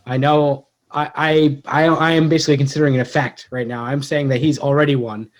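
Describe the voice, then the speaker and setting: A man's voice: fairly high pitch, steady tone, brisk. Man, podcast co-host, casual chat, loose speech, many fillers.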